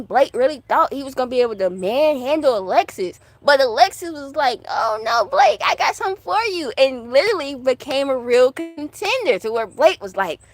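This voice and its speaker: Woman, higher-pitched, chatty, rambling, dry close sound. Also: no room sound. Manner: rambling, chatty, full of asides and fillers; fan of classic TV soaps. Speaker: channel host answering viewer questions. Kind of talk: casual chat.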